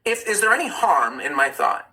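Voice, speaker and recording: A man's voice: high voice, big pitch swings, moderate pace, pushed and bright, slight background noise, poor audio. A young man hosting a live stream, chatting casually and telling personal stories with candid asides. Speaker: livestream host. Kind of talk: casual live chat and storytelling.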